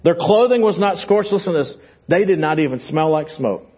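Texan man preaching in church; high, husky delivery, lively with soft emphatic drops. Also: brisk, highs cut off. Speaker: pastor. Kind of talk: sermon. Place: church sanctuary.

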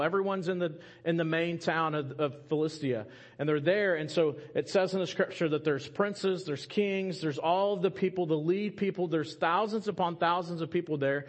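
Chatty preacher with a higher voice. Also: male voice. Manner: conversational storytelling with asides and humor to the congregation. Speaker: pastor. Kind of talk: sermon retelling a scripture story.

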